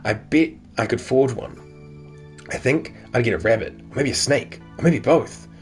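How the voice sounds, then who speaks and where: An eager, chatty teenage girl from a video game, read aloud by a man. She speaks at a mid pitch, with cheerful excitement in every sentence. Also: moderate pace, faint music behind, natural voice. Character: enthusiastic teenage daughter, cheerful.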